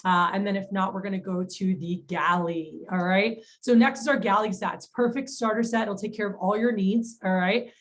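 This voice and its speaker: A woman's voice: mid-range voice, fairly even intonation, normal speed, few pauses, rough recording. A woman giving a sales training talk in a chatty storytelling manner, retelling phone calls with quoted lines. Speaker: sales manager.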